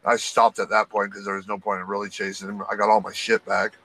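A man's voice: on the low side, fast talker, low-quality recording. A man telling a work story on a podcast in a casual, profane way, acting out the people he quotes. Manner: profane, animated, acts out quotes. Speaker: podcast co-host, retail loss prevention worker.

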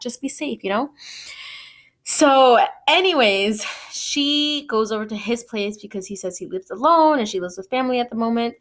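Chatty young woman telling a story. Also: medium pitch. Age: 20s. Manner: chatty, lots of "like" and "you know", laughs at herself. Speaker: podcast host. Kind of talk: casual storytelling.

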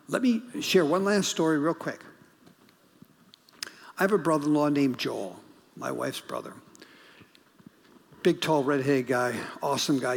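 Gravelly middle-aged male preacher in a reverberant church. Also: mid-range voice. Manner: storytelling, swinging from urgent to hushed whispers. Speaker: guest pastor. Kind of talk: sermon. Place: church sanctuary.

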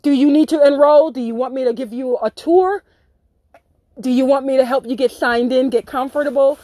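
A woman voicing a sugary, overly polite young receptionist with a slow, exaggerated customer-service tone. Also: sits high, steady tone, mellow, no room sound, voice pushed up, close to an everyday voice. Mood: mock-sweet.

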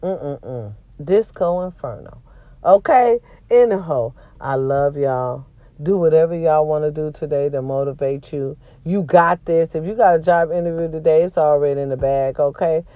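A sore-throated woman with a cold vents on her casual vlog, cursing and speaking plainly while her volume goes from loud to quiet. Her low voice moves at a normal speed, recorded dry with lo-fi sound.

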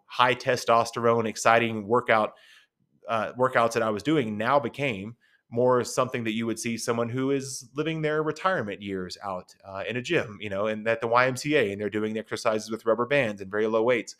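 A man's voice: lowish voice, fairly quick. A middle-aged man hosting a podcast, telling a personal story in a conversational, rambling way with asides. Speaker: podcast host.

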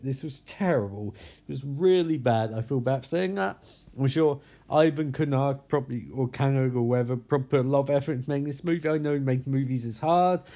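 A man's voice: on the high side, mellow. A tired man reviewing a movie in a casual vlog, rambling and blunt, swearing freely.

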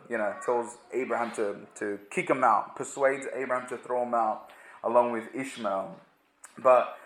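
A man giving a conversational Bible teaching, often halting and repeating words with frequent "you know" fillers. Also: medium pitch, fairly bright tone, a little hiss or hum. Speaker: preacher. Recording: echoey room.

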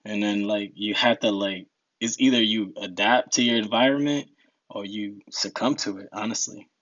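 A man's voice: on the low side, steady tone, normal speed, a bit bright, no room sound, highs cut off. A young man from New Jersey, a podcast guest telling stories in a laid-back way, laughing often. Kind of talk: casual storytelling.

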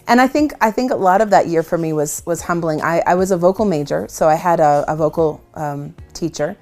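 Lively, self-mocking woman storyteller. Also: low-pitched, brisk, faint music behind. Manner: animated, self-deprecating, laughs often. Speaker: worship leader, guest. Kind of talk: casual storytelling in conversation.

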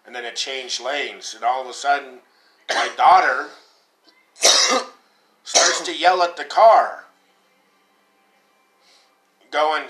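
A man's voice: mid-range voice, takes it slowly, long pauses, fairly bright tone. A middle-aged man telling crude, rambling stories in casual podcast chat. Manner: profane, rambling storyteller. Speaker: podcast co-host. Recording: echoey room with faint noise.

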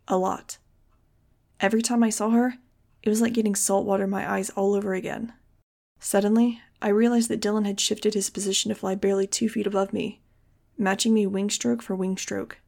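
Woman narrating with a gravelly voice. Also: mid-range voice, a little mellow. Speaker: audiobook reader. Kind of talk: first-person novel narration.

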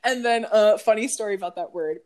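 A woman's voice: mid-range voice, fast. A woman co-hosting a podcast in casual chat, telling stories animatedly with frequent laughter and swearing. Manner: animated, profane, laughs often. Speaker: podcast co-host.

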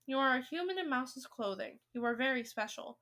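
A woman's voice: high-pitched, animated, fairly quick, bright, forceful tone. A woman voicing a shrewd, cigar-smoking old grandmother who is fond of her grandson, read aloud from a storybook.

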